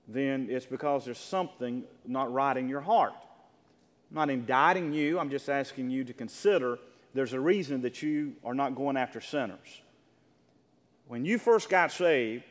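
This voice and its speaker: A man preaching a sermon as pastor, asking the congregation for agreement and rising to loud, emphatic peaks. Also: medium pitch, in a large hall.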